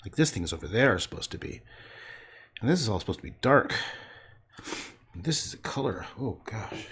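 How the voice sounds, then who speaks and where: A man's voice: on the low side, sing-song, moderate pace, pauses often, a bit bright, breathy edge. A man casually talking through his painting on a livestream, mocking his own work, swearing and muttering half to himself. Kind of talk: casual running commentary while painting.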